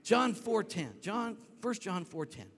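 A man preaching a sermon as pastor, telling stories in an animated way that climbs to shouts. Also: high-pitched, measured pace, husky. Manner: animated storytelling, rising to shouts when reenacting. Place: church sanctuary. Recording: long reverb of a large hall.

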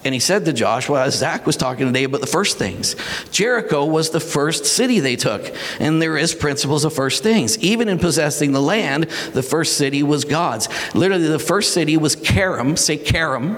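A male pastor delivers a lively sermon with big swings in pitch, breaking into shouted, acted-out quotes. His voice sits a little high for a man. The hall around him gives a long, trailing reverb. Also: normal speed. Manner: animated, acts out dramatic voices and shouts.

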